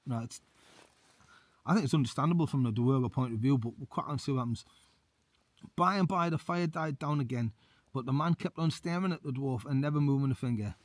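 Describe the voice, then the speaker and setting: A man's voice: mid-range voice, fast talker, no echo. A man, an ex-soldier and outdoor vlogger, reads a folk tale aloud at a winter wild camp with matey commentary. He is cold. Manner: matey, says mate a lot.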